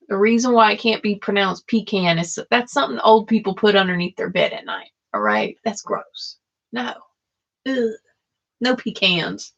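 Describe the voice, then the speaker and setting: A woman chats her way through tarot readings on a live stream. She talks slowly and warmly to viewers, with a gravelly, fry-edged voice and frequent laughs. The audio is dull and lo-fi, like a home stream. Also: medium pitch. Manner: chatty, laughs often, talks straight to viewers in chat. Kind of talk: casual live-stream chat with card readings.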